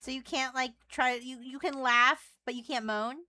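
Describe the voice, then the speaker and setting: A woman's voice: high-pitched, steady tone, moderate pace, pushed and bright, dry recording. A woman streamer chatting casually and teasingly, often stammering through her questions. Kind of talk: casual live-stream chat.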